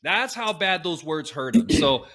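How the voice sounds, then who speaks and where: Guy cohosting a podcast from his apartment, animated, cusses casually. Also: high voice, a little slow. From Texas. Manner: animated, swears casually, laughs while telling stories. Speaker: podcast co-host. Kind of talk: casual storytelling chat. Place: apartment at home. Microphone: laptop call setup.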